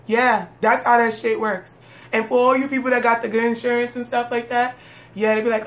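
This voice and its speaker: A woman's voice: a little high, fairly even intonation, very fast, slight background noise. Sarcastic streetwise woman. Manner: sarcastic, streetwise, laughs often. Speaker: comedic monologue host. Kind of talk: casual comedic rant.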